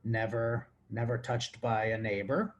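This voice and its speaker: A Texas man on his own podcast takes listener questions in a casual comedic monologue, drunk and crudely rambling. He talks at a measured pace in a medium-pitched voice with little pitch movement.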